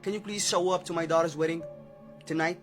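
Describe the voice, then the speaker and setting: A man's voice: fairly high pitch, steady tone, fast talker, fairly bright tone, soft background music, lightly acted. Man doing a gushing, pleading eerie mother. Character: eerie pleading mother hosting a wedding, overly sweet.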